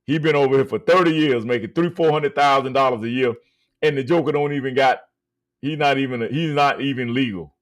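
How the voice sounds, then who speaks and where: A man's voice: mid-range voice, fairly quick. A man hosting a live stream, talking emphatically and drawing out his words with many hesitations. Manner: emphatic, drawn out, many uh fillers. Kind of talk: casual live-stream talk.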